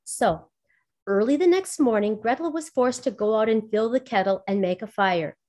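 A woman's voice: fairly high pitch, moderate pace, darkish tone. Woman reading a fairy tale aloud. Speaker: storyteller.

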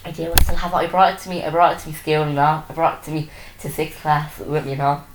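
Low-voiced woman in an echoey room. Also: fairly even intonation, quick pace, noisy background. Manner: rambling, self-interrupting storytelling with many fillers. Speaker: podcast host. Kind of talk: casual chat. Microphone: desk microphone.

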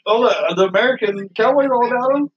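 A man's voice: very high voice, lively intonation, fast, breathy edge. A man chatting casually on a podcast while watching old footage, laid-back and chuckling. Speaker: podcast co-host. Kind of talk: casual watch-along commentary. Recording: dull lo-fi sound.

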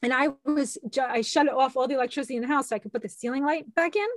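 A middle-aged woman, a podcast guest, telling her stories in a lively way and acting out what people said. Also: sits high, fast, no echo. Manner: animated, acts out quoted dialogue. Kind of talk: casual storytelling interview.

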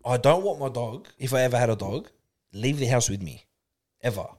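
A man's voice: medium pitch, a little fast. A man co-hosting a podcast, telling stories in casual banter with joking exaggeration. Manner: animated storyteller, jokey exaggeration. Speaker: podcast co-host.

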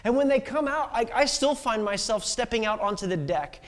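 A man's voice: very high voice, expressive, fairly quick, big-room sound. A young man preaching a sermon in a casual storytelling way, full of fillers and restarts. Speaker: pastor.

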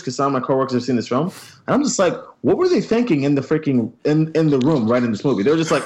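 A man in casual movie review chat, ranting excitedly and filling his talk with "I mean". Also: medium pitch, quick pace, a little hiss or hum.

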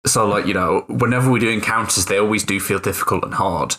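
A man's voice: lowish voice, quick pace, a crowd in the background. A man co-hosting a tabletop gaming podcast as a player, talking casually and hesitantly with frequent restarts and the odd swear.

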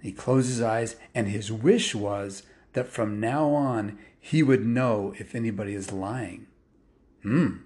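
A man's voice: on the low side, slow pace, darkish tone. A man telling a story casually, rambling and stringing clauses together with "and" and "well.".

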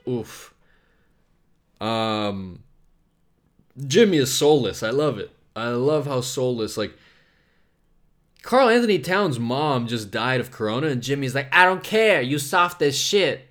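A young man hosting a comedy podcast, talking alone in a rambling, profane way, swinging between loud bursts and low mumbles. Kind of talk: casual solo podcast rant.

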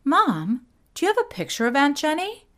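A woman doing a high, breathless girlish impression of a dramatic young middle sister. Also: huge pitch swings, normal speed, a bit bright, full character voice. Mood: earnest.

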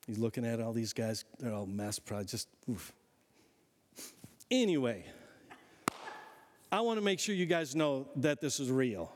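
A man preaching a sermon as pastor, telling stories in an animated, folksy, humorous way. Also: medium pitch, moderate pace, long pauses, in a large hall, slight background noise.

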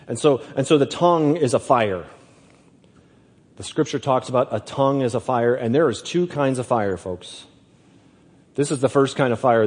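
A man preaching a sermon, slow and emphatic, often repeating his words. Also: mid-range voice, darkish tone, husky, in a large hall.

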